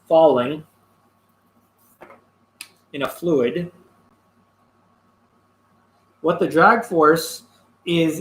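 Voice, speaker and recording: A man teaching a physics lesson, explaining a worked problem step by step with pauses and fillers. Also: a little high, a bit bright, reverberant, poor audio. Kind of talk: classroom lecture working through a problem.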